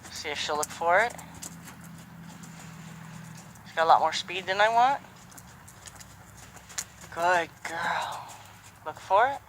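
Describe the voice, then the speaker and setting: A horse trainer talks through a training session outdoors, calmly coaching and softly praising the horse again and again. The voice is bright and forward, with faint hoofbeats and open-air ambience underneath. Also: medium pitch, unhurried, a little hiss or hum, rough recording. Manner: calm coaching, repeated soft praise to a horse. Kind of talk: live training commentary.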